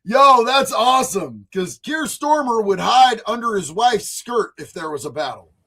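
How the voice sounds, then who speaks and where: A man co-hosting a casual commentary stream, loud and profane, full of slang and frequent shouting. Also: high-pitched, sing-song, unhurried, husky. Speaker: co-host.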